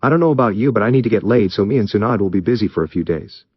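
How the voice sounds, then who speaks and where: Give me a man playing a boastful, cheerful old ninja sage, higher than his own voice. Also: animated, very fast, husky, no echo, dull audio.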